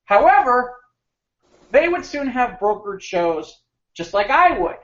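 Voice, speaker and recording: A man co-hosting a podcast, telling an animated, rambling anecdote with frequent restarts. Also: very high voice, slow pace. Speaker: podcast co-host. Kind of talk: casual storytelling chat. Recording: slightly muffled podcast audio.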